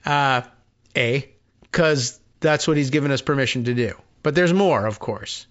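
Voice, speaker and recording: A man's voice: medium pitch, unhurried, fairly bright tone. A man hosting a talk radio show, rambling through a sardonic, digressive monologue. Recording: muffled lo-fi sound.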